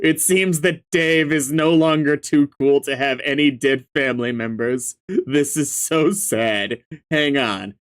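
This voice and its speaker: Slow-talking man reading a webcomic aloud. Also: mid-range voice. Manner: stammers and laughs often, reacts with sudden outbursts. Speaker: webcomic reader and reactor.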